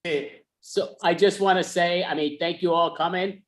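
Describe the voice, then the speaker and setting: A man running the show over a video call, speaking casually in a quick, chatty way. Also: sits high, steady tone, a bit bright. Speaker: show organizer. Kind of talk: casual chat.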